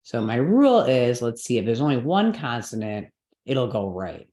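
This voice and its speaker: In an extremely low, warm, sing-song voice at a moderate pace, a woman explains Sanskrit pronunciation rules to a class. The recording has a roomy echo, and she patiently checks that students follow, often saying "right?" and "okay".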